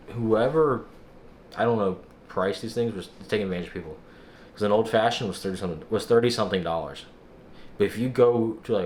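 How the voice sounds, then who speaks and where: A young man casually vlogging, recounting a frustrating experience in an exasperated, animated way and acting out other people's lines. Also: deep voice, slight background noise. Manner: exasperated, animated storytelling with quoted dialogue. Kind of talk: casual vlog recap.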